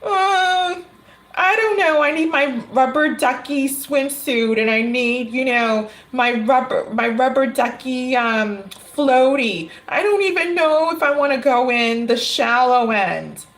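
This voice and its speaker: A woman's voice: sits high, expressive, slow, a bit bright, exaggerated voice. A woman voicing a timid, childish man who dithers and whines about getting into the water. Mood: whiny hesitant. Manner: hesitant, whiny, dithering.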